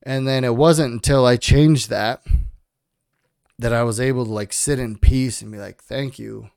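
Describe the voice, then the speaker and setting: A man's voice: mid-range voice, fairly even intonation, moderate pace, a little mellow, smooth, no room sound, clean studio sound. A young man co-hosting a podcast, talking frankly and with plenty of swearing as he gives himself and his listeners a motivational push. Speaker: podcast co-host. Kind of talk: casual podcast talk.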